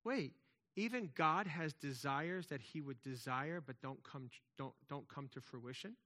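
A man's voice: fairly high pitch, measured pace, sharp tone. A man preaching a sermon in a conversational way, with emphatic swells and frequent restarts. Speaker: pastor.

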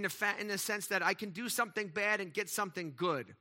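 A middle-aged male pastor preaching a conversational sermon, asking the congregation rhetorical questions and swinging between loud and quiet passages. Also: high-pitched, animated, fast talker, hardly any pauses.

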